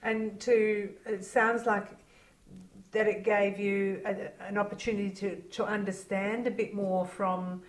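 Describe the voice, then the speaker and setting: A woman's voice: medium pitch, level tone, measured pace, poor audio. A woman conducting an interview, asking encouraging follow-up questions.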